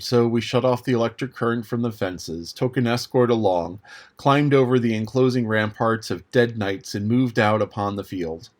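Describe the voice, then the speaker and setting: A man narrating a classic novel aloud as an audiobook reader, in a measured, even manner. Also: mid-range voice. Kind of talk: scripted narration.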